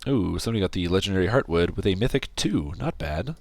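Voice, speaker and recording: A man with a sore, scratchy throat giving casual, rambling commentary while he plays a game, with sudden excited outbursts. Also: low voice, fast, gravelly. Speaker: game streamer.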